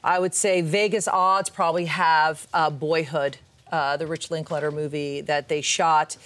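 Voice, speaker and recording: A woman's voice: low voice, fairly even intonation, a little slow, fairly bright tone. A woman appearing as a magazine editor guest on a talk show, chatty and playful. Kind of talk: casual talk show interview. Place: radio studio. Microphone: studio microphone.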